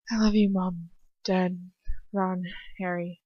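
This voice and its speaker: A woman's voice: mid-range voice, little pitch movement, moderate pace, dry recording. A young woman reading first-person fan fiction aloud at home, breaking off now and then to comment on the text. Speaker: fanfiction reader. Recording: dry, dull home recording.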